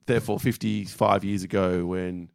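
A man's voice: sits low, fairly even intonation, moderate pace, gravelly, a little mellow, no room sound, clean studio sound. A man co-hosting a comedy podcast, wry and explaining the background of each clip. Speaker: podcast co-host. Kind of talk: casual comedy banter.

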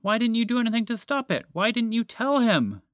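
A man doing an earnest, shouting moose hero. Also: extremely high pitch, sing-song, brisk, no room sound, studio quality, pitched above the performer's own voice, exaggerated voice. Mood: urgent. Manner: urgent, shouting.

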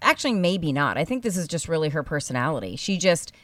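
A woman's voice: low voice, quick pace, no room sound, recorded from a distance. A woman co-hosting a casual reality TV recap, gossipy and acting out what others said. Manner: animated, gossipy, acts out quotes.

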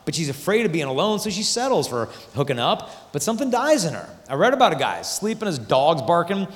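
A man giving a youth conference talk, animated and acting out voices of the people in his stories. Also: on the high side, brisk. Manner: animated, acts out quoted voices. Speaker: Catholic speaker. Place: large conference hall. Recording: hall reverb from a large venue.

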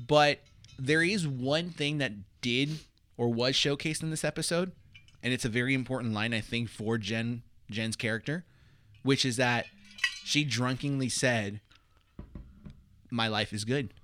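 A man co-hosting a podcast, chatting casually about a TV episode and getting animated when excited. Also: unhurried. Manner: animated, goes high and loud when excited, laughs often. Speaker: podcast co-host. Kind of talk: casual chat reviewing a TV episode.

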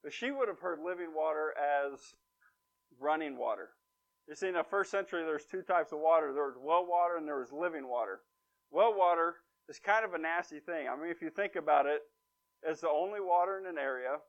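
Wry storytelling preacher, lo-fi recording. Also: male voice, on the high side, brisk. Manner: wry, storytelling, emphatic asides. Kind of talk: conversational sermon. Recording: dull lo-fi recording.

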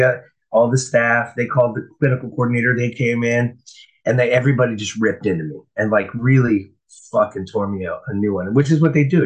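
A man telling his recovery story in a casual, profane, animated way. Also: mid-range voice, low-quality recording. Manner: profane, animated, acts out voices in quotes. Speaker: speaker sharing a recovery story.

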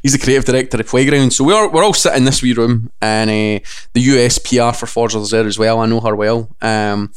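A man's voice: medium pitch, brisk, hardly any pauses, clean tone. A Scottish man chatting casually, telling stories and acting out other people's voices in quotes. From Scotland. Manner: animated storyteller, acts out voices in quotes. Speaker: games journalist. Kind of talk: casual chat.

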